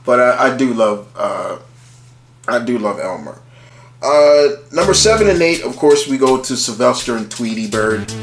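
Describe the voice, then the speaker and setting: A man's voice: medium pitch, animated, normal speed, reverberant. A man casually talking through a ranked list of favourite cartoon characters, rambling and restarting often, with casual swearing. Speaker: channel host ranking cartoon characters.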